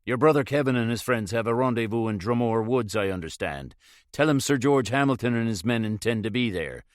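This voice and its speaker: A man's voice: medium pitch, expressive, a little fast, dry recording, clean studio sound, lightly acted. A man voicing a bold masked rider who speaks lightly and commandingly in a put-on Irish accent. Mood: urgent.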